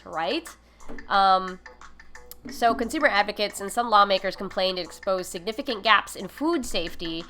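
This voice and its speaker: A woman's voice: medium pitch, bright, forceful tone. A woman hosting a cooking livestream, talking casually with many fillers and giggly asides. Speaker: cooking stream host. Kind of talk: casual educational livestream talk.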